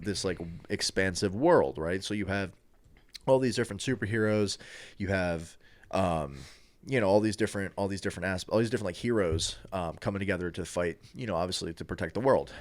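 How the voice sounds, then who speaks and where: A man's voice: deep voice, no echo. A man co-hosting a casual podcast, talking in a loose, rambling way with lots of restarts and fillers. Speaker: podcast co-host.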